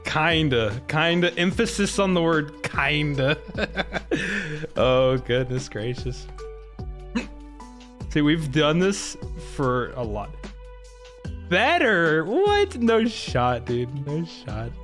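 A man's voice: on the high side, big pitch swings, very slow, pauses often. Young guy streaming, laughs a lot, voice jumps all over, little music behind. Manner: laughs often, exclaims at chat. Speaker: gaming streamer. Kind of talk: casual live-stream commentary.

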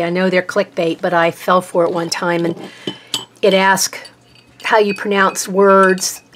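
Slight background noise accompanies this tired, chatty art vlogger, a Texas woman with a Norfolk, Virginia accent who rambles and jokes at her own expense during a casual chat as she paints. Her mid-range voice has a slightly bright edge.

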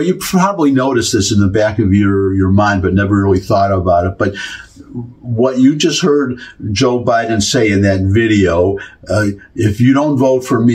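A man with a Midwestern accent from Michigan, talking through a casual commentary monologue with many restarts and asides. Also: fairly low pitch. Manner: rambling, many restarts and asides, emphatic repetition. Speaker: political commentary host.

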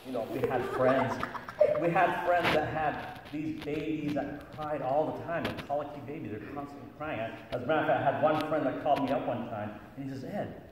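A middle-aged man, a pastor, telling jokes and stories to schoolchildren in an animated way. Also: medium pitch, brisk. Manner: jokey, animated storyteller. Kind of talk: storytelling talk to children. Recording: echoey hall from far off, background noise.

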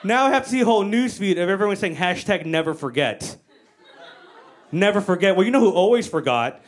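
A woman doing a stand-up comedy set on stage, telling stories with animated, mock-exasperated swearing into a handheld mic. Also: medium pitch, fairly quick, a little hiss or hum.

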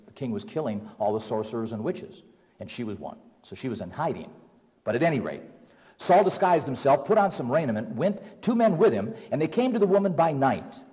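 Animated male preacher in a hall. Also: medium pitch. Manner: animated, paraphrasing scripture in everyday words. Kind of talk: sermon.

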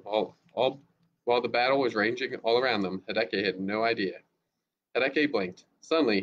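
A male teacher reading a novel aloud steadily, with small slips now and then. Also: fairly low pitch. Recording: dull lo-fi recording with faint hiss.

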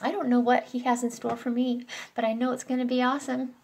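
A woman's voice: on the high side, flat delivery, fast talker, gravelly, a little mellow. A woman delivering an earnest, emotional spoken prophecy, pleading with listeners and close to tears. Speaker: self-styled prophet.

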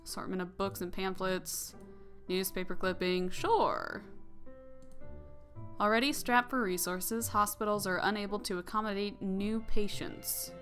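Young woman, let's-play host, rambling casual commentary, mid pitch, soft music behind. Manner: chatty, rambling, giggly asides. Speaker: gaming channel host.

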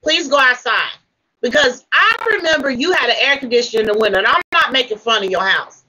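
A woman runs a livestream panel and keeps pressing a guest with blunt, profane demands. Her voice sits high and sounds bright and sharp. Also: quick pace, low-quality recording. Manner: confrontational, swearing, repeating demands. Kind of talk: heated livestream argument.

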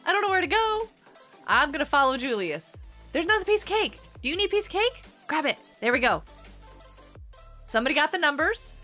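A woman's voice: high-pitched, sing-song, brisk, sharp tone, faint music behind. A woman streaming a game live, chatting to viewers by name, giggling and panicking as she plays. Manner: bubbly, giggly, often panicked; talks to chat viewers by name.

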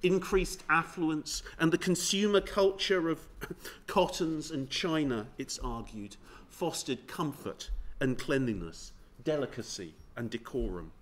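A man giving a history seminar paper, reading in a measured, precise way. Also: on the high side. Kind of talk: academic lecture read from a script. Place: seminar room.

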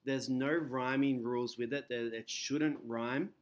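A man's voice: medium pitch, fairly even intonation, a little slow. Hesitant male teacher, faint background hiss. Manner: hesitant, with many fillers. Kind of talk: casual classroom lesson.

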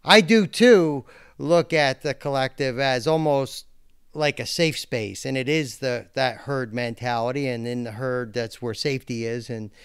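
A man talks as a guest on a podcast, earnest and reflective. His voice sits at a middle pitch and sounds smooth and clear. The recording is dry. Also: a little slow, dry recording. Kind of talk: casual podcast conversation.

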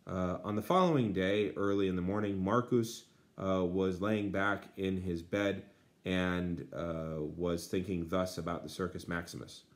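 Low-voiced man teacher translating Latin. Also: fairly even intonation, a little slow. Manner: many uh fillers, dry asides. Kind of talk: translating a textbook aloud.

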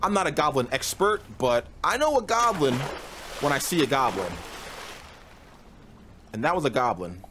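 A young gaming streamer with a slightly high, very animated voice talks at a moderate pace and pauses often, yelping and laughing at scares in jumpy, slangy let's-play commentary. Game music and background noise are audible.

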